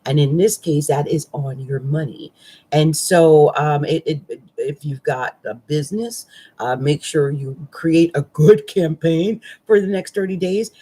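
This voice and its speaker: A woman's voice: low voice, a little slow, mellow, husky. A woman astrologer giving a casual, rambling horoscope reading, with fillers and restarts.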